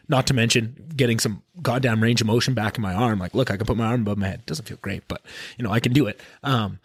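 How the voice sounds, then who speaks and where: A man's voice: medium pitch, dry recording. A young man hosting a solo podcast, talking candidly and rambling with many fillers and restarts, swearing casually. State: tearful, emotional. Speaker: podcast host.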